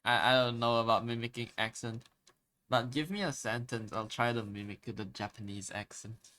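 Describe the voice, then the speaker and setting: A man chatting casually on a live art stream, speaking at a middle pitch. He keeps stammering and restarting while hunting for the right word. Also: little pitch movement, normal speed, sharp tone. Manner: hesitant, stammering, searching for words.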